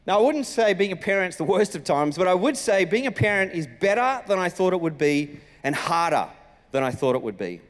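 A man, a senior pastor telling a personal story in a sermon with lively, animated delivery. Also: high-pitched, brisk. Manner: animated storytelling, acting out his own lines. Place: church auditorium. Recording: reverberant church hall.

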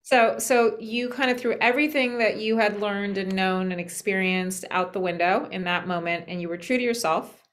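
A woman's voice: mid-range voice, moderate pace, fairly bright tone. Affirming woman interviewer. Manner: engaged, affirming, frequent mm-hmms. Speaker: interviewer, podcast host. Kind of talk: conversational interview.

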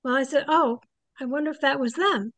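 Older woman telling stories, high voice. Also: fairly quick, no room sound. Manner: animated, acts out quoted people. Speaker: psychic guest. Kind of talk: casual storytelling in an interview.

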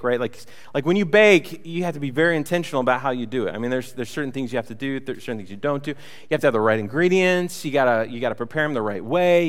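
A man with a fairly high voice preaches a sermon as pastor in a church hall, and the sound is big and roomy. He's conversational and jokes around, using plenty of fillers and restarts.

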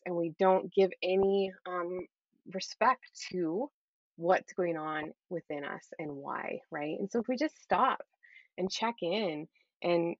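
A middle-aged woman talking as an interview guest, earnest and encouraging, often tagging her points with a quick "right?". Her voice sits at a middling pitch. The sound is a little dull and very dry, with no room echo. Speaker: guest, Christian parenting coach. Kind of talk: conversational interview.

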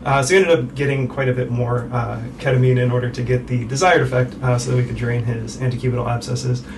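Er doc telling patient stories, lots of uhs, mic set back, noisy room. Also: male voice, mid-range voice, level tone, fast talker, vocal fry. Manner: storytelling with many fillers. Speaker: emergency physician. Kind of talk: casual medical podcast talk. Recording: distant mic with background noise.

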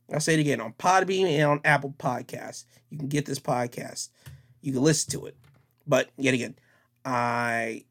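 A young man hosting his own podcast, signing off in a casual, rambling way, repeating himself. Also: on the high side. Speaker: podcast host.

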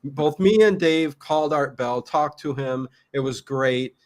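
A man's voice: a little high, measured pace, darkish tone. A man hosting a casual talk show, telling a story animatedly with many fillers. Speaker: podcast host. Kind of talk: casual chat.

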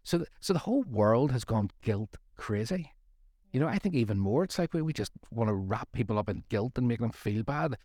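A man's voice: medium pitch, animated, brisk, darkish tone, no echo, clean studio sound. A middle-aged man co-hosting a faith study series, talking in a rambling, jokey way with self-deprecating asides. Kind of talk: casual faith discussion.

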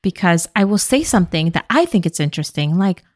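A young woman co-hosts a podcast, recapping a movie in a casual, chatty way with sarcasm and quick asides. Her mid-range voice has lively intonation, recorded at studio quality with no room sound.

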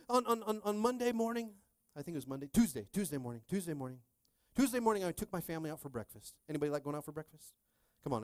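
Man, pastor, lively storytelling sermon, slightly high voice, dry close sound. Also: no room sound. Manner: animated, swings from hushed to loud, keeps asking the crowd "are you with me".

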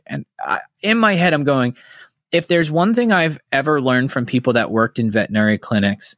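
A man chatting on a podcast, his voice mid-pitched and set close to a dry mic. He tells personal stories candidly, swears freely and gets heated about what upsets him. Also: moderate pace, a bit bright, dry recording. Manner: candid, profane, heated storytelling. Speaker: podcast host. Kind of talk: casual podcast chat.

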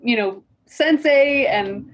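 Husky-voiced woman in easy conversation. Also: high voice, slow pace. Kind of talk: casual chat.

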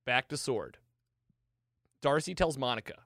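A man hosting a casual show, recapping an episode in an excitable, chatty way with lots of fillers. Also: medium pitch, a little slow, dry recording, studio quality. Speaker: podcast host.

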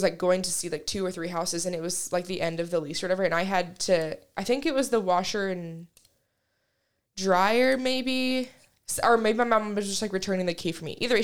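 A woman's voice: on the low side, clear, resonant tone. Chatty young woman, rambling filler-heavy storytelling. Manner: rambling, heavy use of "like", frequent swearing. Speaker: podcast co-host. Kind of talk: casual chat, storytelling.

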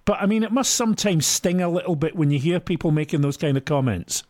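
A man's voice: fairly high pitch, animated, quick pace, a little mellow. A man co-hosting a football radio show, teasing his co-host drily and then asking long, earnest questions. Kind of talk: sports radio chat.

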